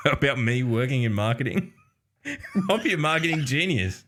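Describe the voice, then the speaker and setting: A man with an Australian accent co-hosts a casual gaming podcast, swearing freely, laughing often, and reading chat aloud. His mid-range voice is sing-song and a bit bright, a little slow, with slight background noise behind it.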